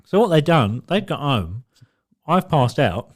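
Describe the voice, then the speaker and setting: A man in casual podcast chat, telling a story with energy. His voice swings freely between high and low, and he puts on voices for the people he quotes. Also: a little slow. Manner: animated storytelling, acts out other people's voices. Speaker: podcast co-host.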